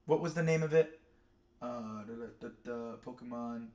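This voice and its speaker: On a stream, a young man ranking cartoon characters chats casually in a mid-range voice with a dark tone at normal speed. His storytelling rambles and digresses, full of fillers and side tracks.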